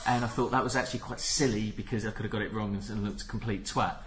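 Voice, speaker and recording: A man hosting a football fan podcast, telling stories in casual chat and bursting into shouted punchlines. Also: on the low side, steady tone, quick pace. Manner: storytelling, laughs into shouted punchlines. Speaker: podcast host.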